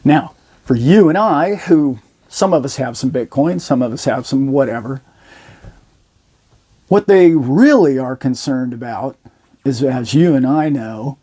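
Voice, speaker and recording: A man's voice: medium pitch, unhurried. A man casually telling his viewers a story, acting out the quoted lines of the people in it. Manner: animated retelling, acting out quoted dialogue. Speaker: host.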